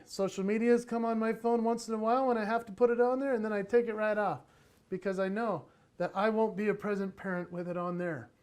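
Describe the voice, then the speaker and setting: A man speaking at a parenting conference, telling animated stories from family life in a motivational talk. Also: high-pitched. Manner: animated, acts out voices in his stories.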